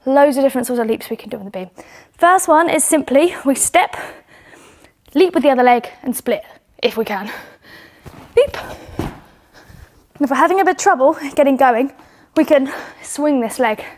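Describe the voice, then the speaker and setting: A woman's voice: sits high, lively intonation, moderate pace, pauses often, darkish tone. A young woman with a British accent coaching children through gymnastics exercises at home, encouraging and a little out of breath as she demonstrates. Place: home indoors.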